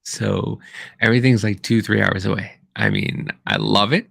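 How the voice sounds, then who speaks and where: A man's voice: lowish voice, huge pitch swings, moderate pace, gravelly, fairly bright tone, slightly rough, no room sound. A man co-hosting a podcast, telling rambling stories in casual chat, full of restarts and fillers. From Kansas. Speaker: podcast co-host.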